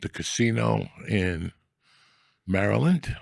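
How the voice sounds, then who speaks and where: Podcast host, middle-aged man, husky voice, dry close sound, profane and rambling, gruff comic delivery. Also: fairly low pitch, animated, slow pace, a little mellow, dry recording. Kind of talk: casual comedic rant.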